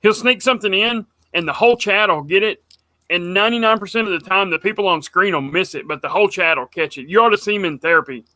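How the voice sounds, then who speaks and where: A man co-hosting a casual podcast chat, rambling and animated as he tells stories. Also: high-pitched, quick pace, no room sound. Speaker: podcast co-host.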